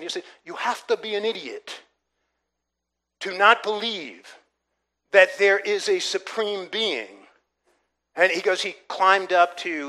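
A male pastor delivers a sermon in a high, bright voice. He talks earnestly, circles back on his phrases and pushes key words hard. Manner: earnest preaching with repetitions and rising emphasis.

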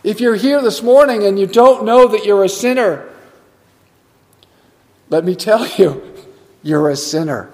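A man's voice: sits high, a little slow, pauses often, darkish tone, long reverb tail. A man preaching a sermon from the pulpit, emphatic and repeating words for stress. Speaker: pastor. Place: church sanctuary.

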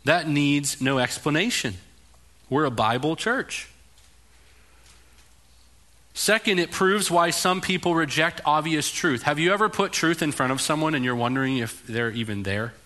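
A male pastor delivering a sermon in an animated, emphatic, conversational way. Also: on the high side, normal speed.

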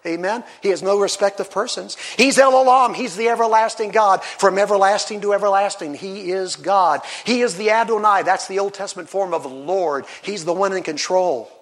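A pastor in his sixties, a man preaching a sermon in church, animated and acting out the voices he quotes. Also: sits high, moderate pace, hardly any pauses.

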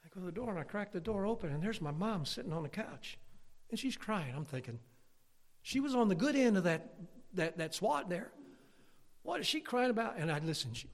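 A man preaching a storytelling sermon, animated, swinging between loud exclaims and hushed whispers. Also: high voice, brisk.

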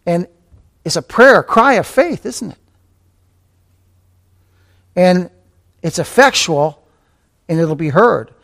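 A man's voice: sits high, lively intonation, slow pace, creaky, pauses often, fairly bright tone. A man preaching a sermon as pastor, repeating key phrases, asking rhetorical questions and calling listeners beloved. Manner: repeats key phrases, rising to fervent emphasis.

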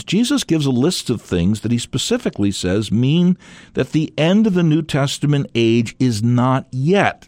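A man's voice: medium pitch, darkish tone, no echo. A man teaching a radio sermon in an earnest, emphatic way, leaning hard on key words.

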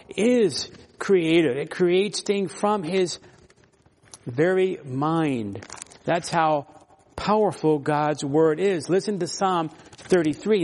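A man preaching an expository sermon, teaching verse by verse and slowing down to stress key words. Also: fairly high pitch, darkish tone, in a large hall.

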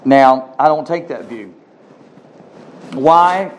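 A man preaching a sermon, reading scripture aloud and commenting on it in an emphatic, animated way. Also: medium pitch, slow. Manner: animated, emphatic, addresses congregation as folks. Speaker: pastor.

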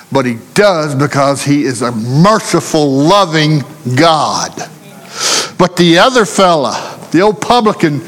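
Slow, earnest preacher in a reverberant hall. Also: male voice, on the high side, a bit bright. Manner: earnest, repetitive, with rhetorical questions. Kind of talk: sermon.

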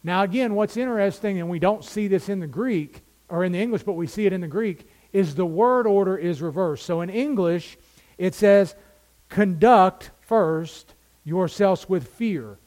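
A man's voice: sits high, normal speed, a little mellow. A man preaching a teaching sermon, often putting questions to the congregation. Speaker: pastor.

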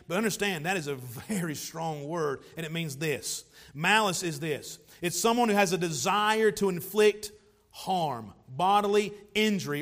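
High-voiced preacher. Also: male voice, a bit bright. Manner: emphatic preaching with rhetorical questions and repeated phrases. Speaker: pastor. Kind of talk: sermon.

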